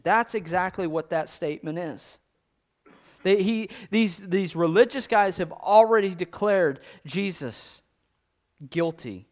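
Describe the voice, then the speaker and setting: A man preaching a sermon, acting out scripture with big swings between loud, quick lines and low, slow King James readings. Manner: animated, dramatizes scripture quotes with big swings in pitch and loudness.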